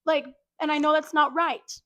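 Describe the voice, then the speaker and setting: A young woman telling a workplace story in casual, animated chat, full of fillers like "like". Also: sits high, normal speed, no echo. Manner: animated, chatty, lots of "like". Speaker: podcast co-host.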